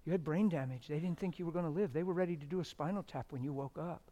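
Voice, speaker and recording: A man's voice: a little high, fast. Passionate man preaching a sermon. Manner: passionate storytelling, swinging from loud exclamations to hushed quiet. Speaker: pastor.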